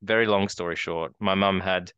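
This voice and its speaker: Deep, flat-voiced Australian man. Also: normal speed, smooth, no echo, lo-fi sound. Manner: rambling storyteller, many restarts and fillers. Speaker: podcast co-host. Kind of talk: casual chat.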